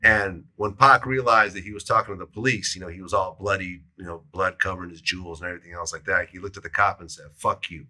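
A male interview host with a low voice and a very bright, forward edge. He prompts his guest in a relaxed manner and sums up each story. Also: fast talker, few pauses. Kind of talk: interview questions.

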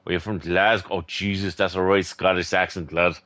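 A man's voice: low-pitched, little pitch movement, fairly quick, fairly bright tone, no room sound. A man with an Irish accent, a gaming streamer chatting casually with another player, joking boisterously and swearing freely. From Ireland. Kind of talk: casual voice chat while gaming.

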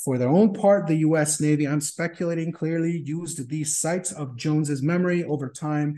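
A man, a history lecturer, reading an academic talk over a video call in a measured way, correcting himself as he goes. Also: a little high, mellow. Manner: measured, self-correcting, apologetic in discussion. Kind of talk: academic lecture read from notes.

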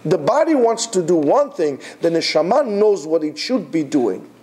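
A man's voice: a little high, big pitch swings, normal speed, a little mellow. A man teaching a Torah class in a classroom, emphatic, repeating his phrases and asking rhetorical questions.

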